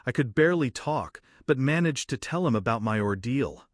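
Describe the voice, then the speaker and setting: A man reading a true horror story aloud in a lively, dramatic narrating manner. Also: medium pitch, normal speed, no echo, studio quality.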